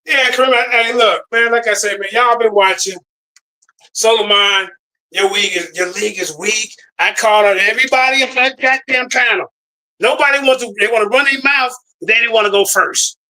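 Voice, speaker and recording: A man's voice: extremely high pitch, a little fast, low-quality recording. A man ranting heatedly on a live-stream call, cursing and repeating himself as he recounts a debate panel. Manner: loud, profane, repeats himself. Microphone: remote call.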